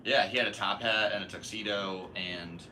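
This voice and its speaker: A man's voice: lowish voice, fairly even intonation, normal speed, sharp tone, a little hiss or hum. A young man hosting a podcast, telling a long story in a rambling, laid-back way and laughing at himself. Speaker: podcast host. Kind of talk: casual storytelling monologue.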